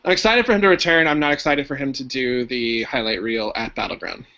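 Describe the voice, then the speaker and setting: A man who guests on a podcast as a comedian and radio host, making wry, deadpan quips in casual chat. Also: medium pitch, fairly quick. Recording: dull lo-fi podcast audio.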